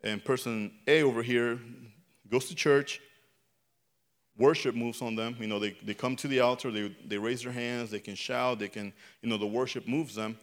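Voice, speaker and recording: A man delivering a sermon, talking to his listeners like an ordinary conversation. His pitch sits in the middle. He restarts his sentences often, and he rises in volume whenever he wants a line to land. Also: fairly even intonation, moderate pace. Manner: conversational, repeats words and restarts, swells louder on key phrases. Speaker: preacher.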